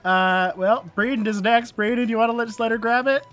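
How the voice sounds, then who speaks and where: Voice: medium pitch, fairly quick, a bit bright, faint music behind. A game master narrating a tabletop game casually, laughing often and using filler words.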